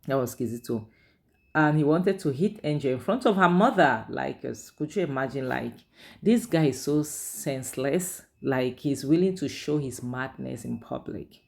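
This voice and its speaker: A woman's voice: very deep voice, expressive, normal speed, creaky, a little mellow. A woman, casually recapping and reviewing a drama series in a chatty, opinionated way. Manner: chatty, opinionated, frequent "like" and "you know".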